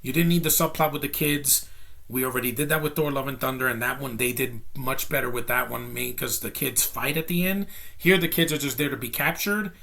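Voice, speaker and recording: A man talks through a film review in an offhand, unscripted way at an ordinary middle pitch. He is blunt and opinionated, and he rambles and doubles back as he rants about what he didn't like. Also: a little fast, creaky, sharp tone. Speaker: movie reviewer. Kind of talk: casual spoken film review.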